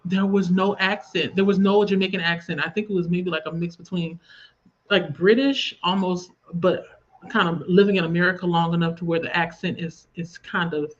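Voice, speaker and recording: A woman's voice: on the low side, fairly even intonation, normal speed. Casting: rambling, chatty Southern woman hosting a livestream, slightly muffled audio. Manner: chatty, rambling, reads viewer comments aloud. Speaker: livestream host. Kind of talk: casual livestream chat. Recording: slightly dull lo-fi stream audio.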